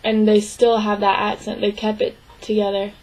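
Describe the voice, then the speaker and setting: A young woman interpreting a signed interview into spoken English, speaking in short, halting phrases with restarts and frequent throat clearing. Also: medium pitch, monotone, darkish tone, rough recording. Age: young adult. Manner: clears her throat often. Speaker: sign language interpreting student.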